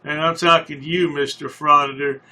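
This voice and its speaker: A man's voice: on the high side, flat delivery, moderate pace, pushed and bright. A man commenting over a video in a sarcastic, scolding, folksy way. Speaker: commentary host.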